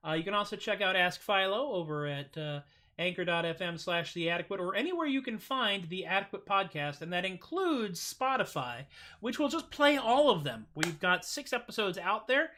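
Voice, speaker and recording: A man's voice: sits high, lively intonation, moderate pace, sharp tone. A middle-aged man hosting a casual livestream, rambling and joking through his thanks and plugs with plenty of fillers. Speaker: livestream host.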